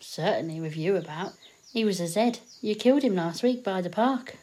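A woman acting a blunt, teasing survivor of a zombie apocalypse in an audio drama, quick with sweary put-downs. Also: mid-range voice, warm tone, slight background noise, natural voice.

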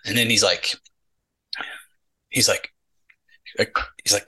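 A middle-aged retired Army sergeant, a podcast guest, tells his army story in a relaxed interview with a bright, forward, slightly rough mid-range voice at a moderate pace, pausing often. He animatedly acts out quoted dialogue, slipping into characters' voices and repeating "he's like" a lot. The audio is poor.

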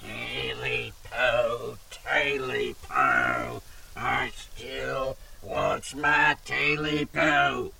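A man voicing an eerie creature that wails slowly for its lost tail, in a drawn-out, high moan. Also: lively intonation, gravelly, recorded from a distance, very noisy, exaggerated voice. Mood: eerie wailing. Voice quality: wailing, drawn-out calls.

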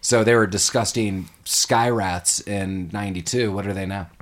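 A man hosting a podcast, retelling movie scenes in a casual, animated way and dropping into quick character voices. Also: lowish voice. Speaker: podcast host.

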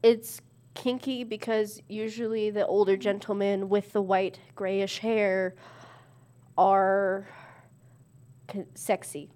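A woman's voice: medium pitch, little pitch movement, slow pace, mellow, smooth. A young adult woman co-hosting a casual chat over a party game, giggling and laughing often. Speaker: co-host.

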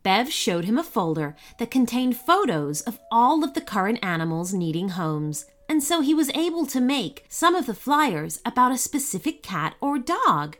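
A woman narrating a scripted children's story in an expressive, storytelling way. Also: on the high side, normal speed, few pauses.

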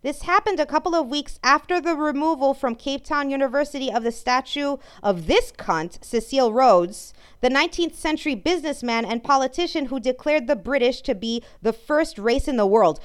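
A woman's voice: sits high, lively intonation, moderate pace, hardly any pauses. Angry, swearing woman ranting. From France. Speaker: podcast host. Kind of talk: ranting monologue.

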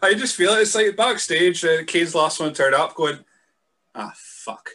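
A man's voice: on the high side, normal speed, sharp tone. A man hosting his podcast, chatting in an easygoing, sweary way with plenty of hesitant fillers. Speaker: podcast host. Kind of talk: casual podcast chat.

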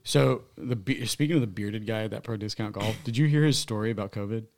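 A man co-hosting a golf podcast, telling animated stories in casual chat and laughing often. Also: on the low side, quick pace, creaky. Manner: animated storyteller, laughs and swears. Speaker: podcast co-host.

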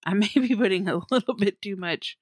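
A woman's voice: medium pitch, fairly quick, husky, no room sound, clean studio sound. A woman co-hosting a podcast, chatting casually and telling a true-crime story with fillers and giggles. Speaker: podcast co-host.

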